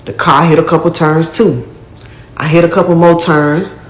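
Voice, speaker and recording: Woman storyteller, lowish voice, blunt and profane, echoey room. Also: fairly even intonation, normal speed. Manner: blunt, profane street talk with acted-out quotes. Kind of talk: casual first-person storytelling.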